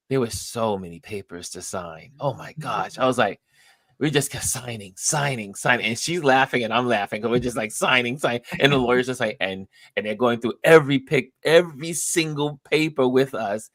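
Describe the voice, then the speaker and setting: A man's voice: mid-range voice, brisk, no room sound. Chatty man telling a story, dry sound. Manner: animated storyteller, acts out others' lines. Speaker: live stream host. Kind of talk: casual chat.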